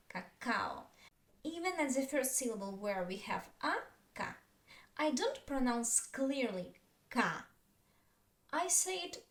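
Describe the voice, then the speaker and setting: A woman with a Russian accent teaches a beginners' language lesson in a high, lively voice. She speaks slowly and patiently, saying each example word twice or more. The room gives her voice a noticeable echo. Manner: slow, patient, repeats words for learners.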